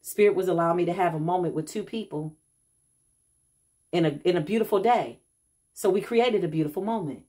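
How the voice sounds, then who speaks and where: A woman's voice: lowish voice, brisk, pauses often, dark tone. A middle-aged woman, a self-described healer, telling a casual vlog story and acting out the people she quotes, calling viewers y'all.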